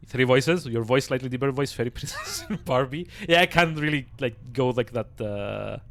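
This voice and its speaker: A man livestreaming and chatting casually with viewers, excitable and laughing, his voice slightly hoarse. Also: mid-range voice, moderate pace. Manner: chatty, excitable, laughs often, many fillers.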